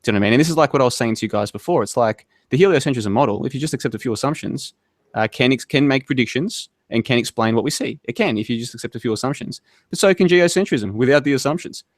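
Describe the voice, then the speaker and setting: A man talks in a rambling, argumentative way as a podcast guest. He keeps pressing his point and tags on "right?" as he goes. His voice sits at an ordinary middle pitch and sounds dry and close, with no room around it. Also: quick pace, no echo. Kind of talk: casual online debate chat.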